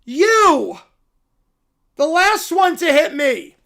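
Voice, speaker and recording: A man voicing an excitable little male bear with shrill, wildly enthusiastic proclamations. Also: extremely slow, gravelly, full character voice. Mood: indignant.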